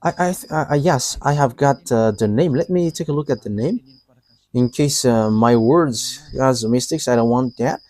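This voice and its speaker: A man preaching a live sermon, talking in short, halting, broken phrases. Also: medium pitch, a little mellow, no echo.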